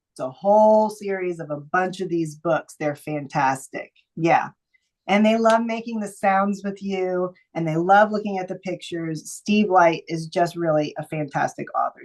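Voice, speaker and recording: A woman's voice: lowish voice, low-quality recording. An enthusiastic woman presents book picks to a room of teachers. She is chatty and playful, and she often slips into goofy voices and sing-song phrases.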